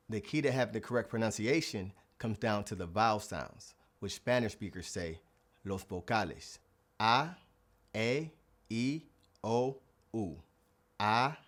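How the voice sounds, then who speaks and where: A male Spanish teacher with a lowish voice delivers a scripted lesson. He speaks clearly and deliberately, slowing down to stretch out the example words.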